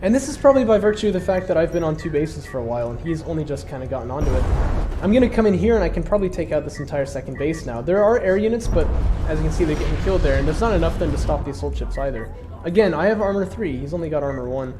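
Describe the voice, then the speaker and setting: A man's voice: on the high side, expressive, very fast, few pauses, noisy background. A congested man casually commentating his own strategy game match, explaining his moves with plenty of fillers.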